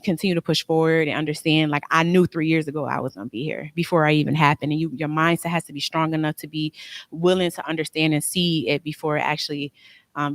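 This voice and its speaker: A woman's voice: low-pitched, dry recording. A woman who runs a tax business, giving a motivational business presentation in an earnest, heartfelt way with many fillers. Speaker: tax preparer and business owner.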